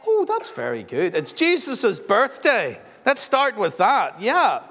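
A man's voice: sits high, huge pitch swings, takes it slowly. A man, a pastor giving a children's talk during a church service, playfully quizzing the kids. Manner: warm, teasing, quizzes children. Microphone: handheld microphone passed around. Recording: long church reverb.

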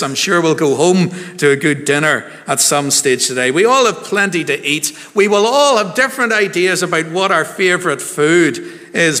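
Man, minister, bright voice, joking with the congregation, long church reverb. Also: fairly high pitch. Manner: chatty, jokey, quizzing the congregation. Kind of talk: harvest service sermon.

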